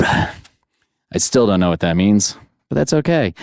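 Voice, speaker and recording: A man's voice: lowish voice, expressive, a little slow, creaky, pauses often, darkish tone, no echo, studio quality. A man hosting a podcast, wrapping up an interview and signing off with jokey, rambling asides. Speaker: podcast host. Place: studio.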